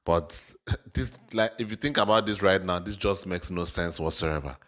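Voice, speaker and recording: A man's voice: low-pitched, moderate pace, a bit bright. A man with a non-native English accent giving casual, chatty reaction commentary, often repeating words. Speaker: reaction video host.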